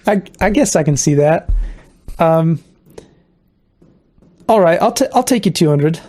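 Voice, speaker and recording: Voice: expressive, unhurried, mellow, soft background music. A game master voicing a polite, cautious frontier barkeep in a put-on Southern accent, stumbling over his words. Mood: hesitant. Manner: hesitant, stumbling, raised pitch. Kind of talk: tabletop role-play.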